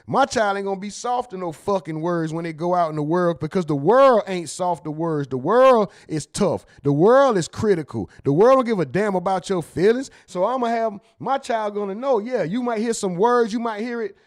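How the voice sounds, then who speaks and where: Man, high voice, blunt, profane, emphatic casual commentary host. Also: expressive, moderate pace, few pauses.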